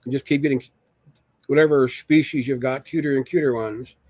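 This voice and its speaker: A man's voice: medium pitch, steady tone, a little fast, a little mellow, no room sound. A man casually chatting with viewers on a live stream, rambling and joking as he reads the chat aloud.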